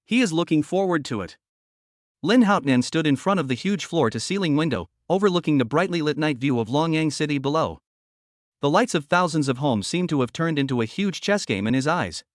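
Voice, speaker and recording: Male audiobook narrator, higher pitch, even and steady, dry studio sound. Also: fairly quick, no echo.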